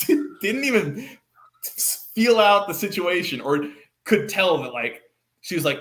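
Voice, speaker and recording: Animated man telling a story in a roomy space. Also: high voice, a little slow. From Texas, United States. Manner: animated, acts out quoted lines with fillers. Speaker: podcast guest. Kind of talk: casual storytelling. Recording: roomy echo.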